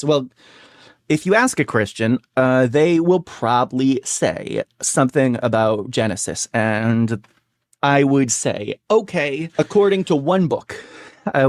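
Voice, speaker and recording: A streamer giving casual, sarcastic commentary, animated, with many fillers and mock cheers. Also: mid-range voice, no echo.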